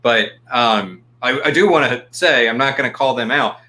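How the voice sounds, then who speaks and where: Bright-voiced man hosting a chat. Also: mid-range voice, moderate pace. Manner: chatty, sets up questions with asides. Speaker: host. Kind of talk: casual interview chat.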